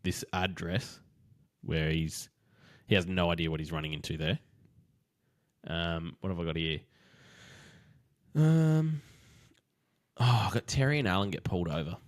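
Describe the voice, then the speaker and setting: A man with a fairly low voice recaps a TV show in casual chat. He acts out the scenes in quick quoted voices. The sound is dry and close. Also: no echo. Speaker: podcast co-host.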